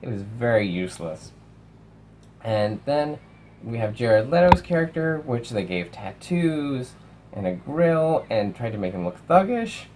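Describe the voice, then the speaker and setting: A young man casually reviewing films, animated, swearing and acting out lines from movies. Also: medium pitch, measured pace, slight background noise, low-quality recording. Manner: animated, swears, acts out quotes. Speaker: film reviewer.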